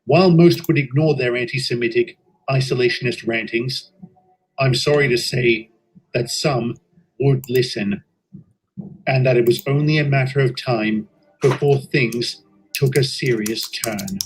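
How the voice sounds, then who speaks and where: A man narrating a story in a measured, solemn way. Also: medium pitch, slightly rough, low-quality recording. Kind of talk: scripted narration.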